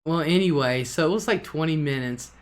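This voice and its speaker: A woman's voice: deep voice, a little fast. A woman hosting a live stream, telling a rambling story in casual chat and chuckling along the way. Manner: rambling, chuckling anecdote-teller.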